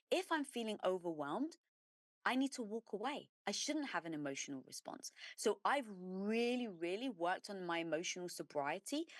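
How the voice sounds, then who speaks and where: A middle-aged woman who runs a business tells her story in an interview. She speaks with emphasis and acts out her own past thoughts. The pitch sits mid-range, and the voice is dry and close with little room sound. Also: no room sound. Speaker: entrepreneur guest.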